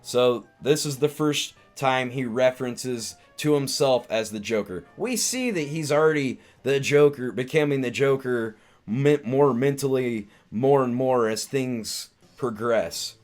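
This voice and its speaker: A man's voice: medium pitch, measured pace, hardly any pauses, a little mellow, faint music behind. A man hosting a live stream, casually recapping a film in a rambling way with lots of restarts and filler words. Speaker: live-stream host, comedian.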